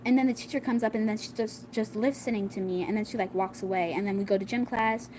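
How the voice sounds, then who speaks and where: Speaking quickly at a medium pitch, this young vlogger tells a rambling school drama tale full of fillers and "like"s. She performs her classmates' quoted lines, and there's noise in the background.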